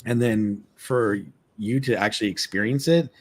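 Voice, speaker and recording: A man, a former tour guide, telling an excited story on a live stream, repeating words and acting out what people said. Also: fairly low pitch, normal speed. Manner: excited, repeats words, acts out quoted lines. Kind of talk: animated storytelling. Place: remote live stream call.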